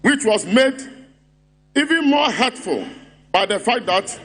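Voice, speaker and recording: A man's voice: very high-pitched, lively intonation, takes it slowly, fairly bright tone. A man with a Ghanaian English accent delivering a mocking, rhetorical speech at a party congress, driving his points home through repetition. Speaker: political speaker at party congress. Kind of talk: rally speech.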